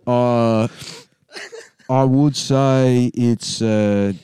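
A man's voice: medium pitch, fairly even intonation, drawn-out words, mellow, smooth, dry recording, studio quality. A man co-hosting a comedy podcast in casual chat, blunt and joking, swearing freely. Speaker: podcast co-host.

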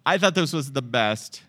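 A man co-hosting a relaxed recap chat, talking slowly with a lively, swinging pitch. His voice is bright and he keeps cracking jokes and laughing as he acts out quotes. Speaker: podcast co-host. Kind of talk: casual chat recapping a TV episode.

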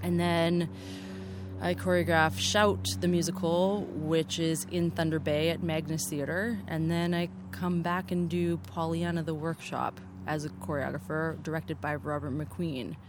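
A woman's voice: low-pitched, steady tone, measured pace, noisy background. A woman choreographer chatting in an interview outdoors, upbeat and full of "like" fillers. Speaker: choreographer and assistant director. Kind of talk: casual interview chat. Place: open-air theatre venue, outdoors.

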